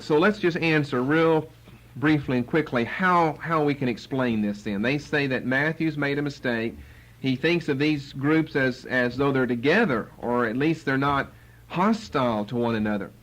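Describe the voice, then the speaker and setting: A man's voice: on the high side, normal speed, low-quality recording. A man teaching the Bible verse by verse, acting out the quotes with sarcasm. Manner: animated, acts out quotes with sarcasm.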